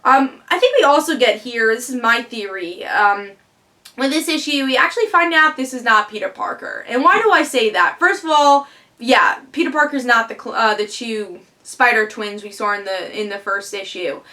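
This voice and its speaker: Bright, excitable woman reviewing comics. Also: a little high, moderate pace. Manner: excitable, asks rhetorical questions. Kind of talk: casual vlog review.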